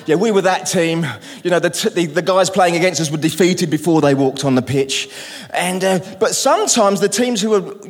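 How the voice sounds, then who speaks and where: A middle-aged British man preaching a sermon in a church, lively and humorous, calling out to the congregation. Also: fairly high pitch. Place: church hall. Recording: long reverb in a large hall.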